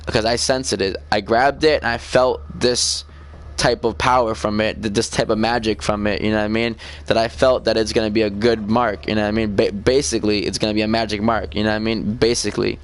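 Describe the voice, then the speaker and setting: A gamer vlogger with a fairly low, flat voice talks a little fast in a casual, rambling confessional chat. He often asks "you know what I mean" and stumbles over repeated words.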